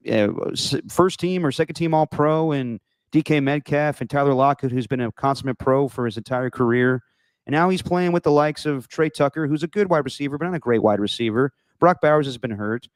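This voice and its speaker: A man's voice: mid-range voice, no echo. Casual man talking football. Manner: rambling, restarts with "I mean". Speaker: podcast host. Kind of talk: casual sports chat.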